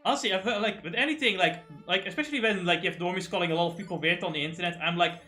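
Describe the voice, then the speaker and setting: Man, streamer host, bright edgy tone, quick delivery, profane rants, soft music underneath. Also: high voice. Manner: animated, profane ranting. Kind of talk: casual livestream chat.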